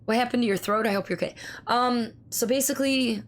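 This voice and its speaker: A hoarse woman with laryngitis, chatting casually with her stream viewers and reading their messages aloud, speaking slowly to spare her voice. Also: on the high side. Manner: reads viewer messages aloud and answers them. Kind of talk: casual live-stream chat.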